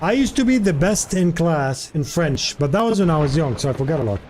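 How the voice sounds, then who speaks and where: A man's voice: on the high side, expressive, a little fast, darkish tone, a little hiss or hum. Chatty, rambling male streamer. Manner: rambling, chatty, many fillers, answers chat. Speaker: live streamer. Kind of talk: casual stream chat.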